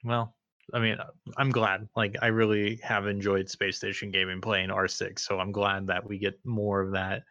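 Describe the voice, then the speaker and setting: A man's voice: fairly low pitch, level tone, normal speed, sharp tone. A man co-hosting an esports podcast, commenting in a wry, casual way. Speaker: podcast co-host. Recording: dull, dry lo-fi mic.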